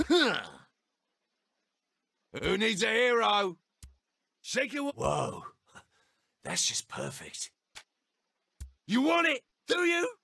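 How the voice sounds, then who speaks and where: A swaggering British gang-boss president from a video game, crude and mocking, with a high, gravelly voice that swoops all over. His tone is husky and bright, recorded dry and close. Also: huge pitch swings, very slow, pauses often, dry recording, full character voice. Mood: taunting. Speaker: player character taunting.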